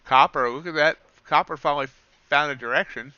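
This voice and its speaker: This futures trader streams live commentary on his trades, reading off prices and chatting with viewers. His fairly high voice runs a little fast, sounding pushed, bright, clear, and resonant, in a dry recording with the highs cut off.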